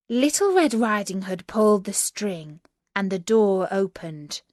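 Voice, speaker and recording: A woman reading a fairy tale aloud as scripted storybook narration, slow and clear. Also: medium pitch, sing-song, a little mellow, no room sound, studio quality.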